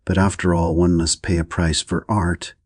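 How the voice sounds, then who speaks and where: A man narrates a novel for an audiobook in a steady, even reading. His voice is very deep with a husky edge. The sound is close and dry, with no room echo. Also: normal speed. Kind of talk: scripted narration.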